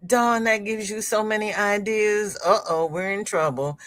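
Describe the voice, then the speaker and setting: This middle-aged woman runs a casual crochet livestream, speaking unhurriedly in a mid-range voice. Reading comments and chatting with viewers, she spins animated stories and often breaks into laughter.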